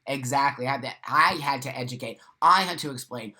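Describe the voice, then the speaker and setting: An American man hosts a live morning chat stream, reading viewer comments and firing back blunt, profane rants. His voice is mid-range and bright, with a forceful tone and a slightly fast pace.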